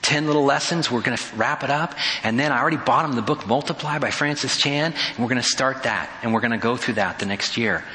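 A man's voice: medium pitch, fast talker, hardly any pauses, pushed and bright, roomy sound, big-room sound. A man preaching as a pastor, telling a story in a conversational way and acting out the dialogue. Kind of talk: sermon.

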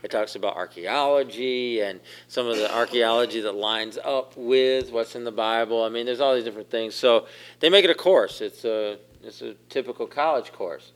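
A man's voice: medium pitch, normal speed. A man preaching a conversational sermon, asking the congregation questions as he goes. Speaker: pastor.

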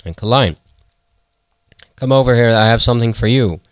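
A man voicing a kindly male shepherd in a folktale who speaks in a resigned, gentle way. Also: low-pitched, measured pace, dry recording, studio quality. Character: helpless old-world male shepherd, kindly.

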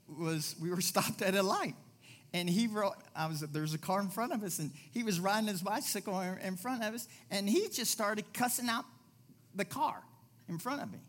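Animated preacher man, lively pitch swings. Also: unhurried. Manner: animated, repeats phrases, swings between loud and soft. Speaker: pastor. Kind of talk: conversational sermon.

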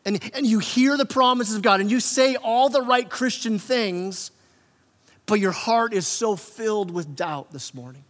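A man's voice: sits high, a little slow, big-room sound. A man preaching a conversational sermon as pastor, often repeating words and acting out quotes. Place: church hall.

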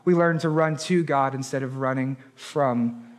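A man in his thirties preaching a sermon as pastor, moving from quiet, low stretches up to shouted points. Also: fairly even intonation, measured pace. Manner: builds from quiet to shouted emphasis.

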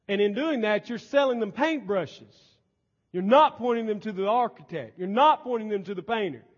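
A male pastor preaching a sermon emphatically, his volume swinging between loud and soft. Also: sits high, animated, normal speed. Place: church sanctuary. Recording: dull lo-fi church recording with long reverb.

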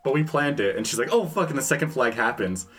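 Man, average pitch, rambling comic storyteller, faint music bed. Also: animated, fast talker, fairly bright tone. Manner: rambling, acts out characters, laughs mid-story. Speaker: comedy podcast panelist. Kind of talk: casual comedic pitch.

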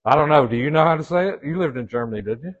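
A man's voice: on the high side, lively intonation, racing, highs cut off. A man with a Southern US accent teaching a church leadership class in a folksy way, with joking asides and frequent restarts. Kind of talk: informal church class lecture.

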